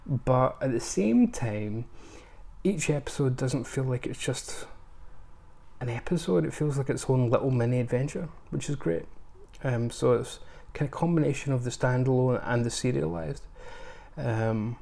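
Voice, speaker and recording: A man talks through his latest film purchases in a loose, rambling way, full of ums and self-corrections. His voice has a gravelly, creaky edge at a mid-range pitch. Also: moderate pace, dark tone. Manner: rambling, with many ums and restarts. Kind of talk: casual unscripted haul review.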